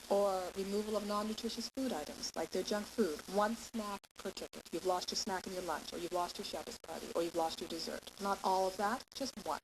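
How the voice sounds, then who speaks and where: A woman teaching parents in a lecture, laying out her points patiently and pausing to ask "okay?" as she goes. Her voice sits at an ordinary middle pitch. A clear, steady hiss runs under the whole recording. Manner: explanatory, keeps checking in with "okay?". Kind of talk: lecture to a class.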